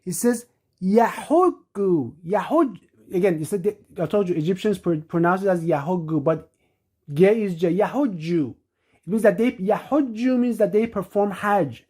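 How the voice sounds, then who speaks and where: A woman's voice: mid-range voice, lively intonation, mellow, breathy edge. Emphatic woman teaching scripture. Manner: emphatic, slows to stress key words. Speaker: religious teacher. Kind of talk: scripture-reading lecture.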